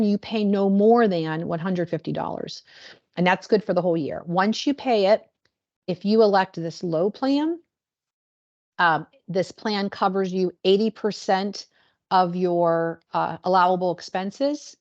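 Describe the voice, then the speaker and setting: A woman presenting insurance benefits on a video call in a chatty, animated way, acting out the questions people ask. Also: medium pitch, measured pace, dull audio.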